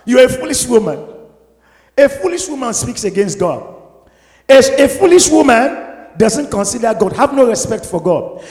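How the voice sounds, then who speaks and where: A man preaching a sermon as a pastor, emphatic and at times shouting. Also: very high voice, big pitch swings, unhurried, long pauses. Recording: echoey hall.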